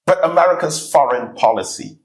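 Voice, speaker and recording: A man giving a sermon-style keynote address in a hall, telling stories with lively acted-out voices. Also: fairly high pitch, brisk. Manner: animated storytelling, acts out voices in anecdotes. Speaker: keynote speaker, student minister. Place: hall, live audience.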